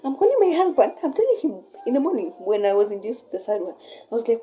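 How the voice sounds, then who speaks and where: A young woman with a Kenyan accent telling a personal story in a casual, animated way, switching between English and Swahili mid-sentence. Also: fairly high pitch, quick pace, highs cut off. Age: young adult. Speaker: vlogger.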